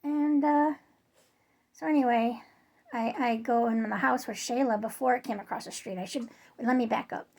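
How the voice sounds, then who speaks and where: Chatty woman vlogger, slightly high voice. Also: steady tone, moderate pace, creaky, a little mellow. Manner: chatty, rambling, many fillers and restarts. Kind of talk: casual storytelling to camera.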